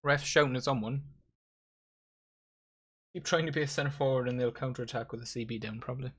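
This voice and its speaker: Young lad doing a football watchalong, swears loads, gets worked up, bright voice. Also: male voice, medium pitch, fairly quick, slightly rough. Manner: excitable, swearing, addresses viewers as lads. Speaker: watchalong host. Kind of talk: live match commentary.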